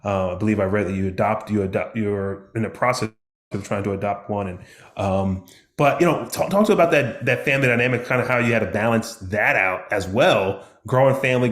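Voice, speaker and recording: A low-pitched man hosts a casual interview show. He asks long, meandering questions and restarts words as he feels his way toward the point. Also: fairly quick. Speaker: podcast host.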